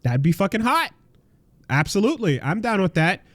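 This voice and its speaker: A man's voice: high-pitched, sing-song, moderate pace, no room sound. A man co-hosting a casual podcast, rambling and swearing, with lots of fillers and restarts. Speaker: podcast co-host.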